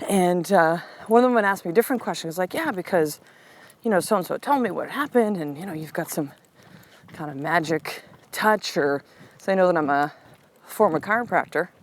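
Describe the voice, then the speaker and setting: Candid, low-voiced woman telling a story. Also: a little hiss or hum, poor audio. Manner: candid and animated, slowing to soft affirmations. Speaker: podcast host and life coach. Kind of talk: personal storytelling monologue.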